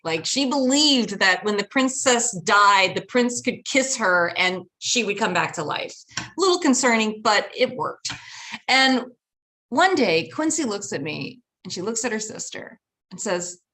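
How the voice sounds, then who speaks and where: A woman in the middle of a live personal story, animated and expressive. She slips into other people's voices and laughs along as she goes. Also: mid-range voice, a little slow.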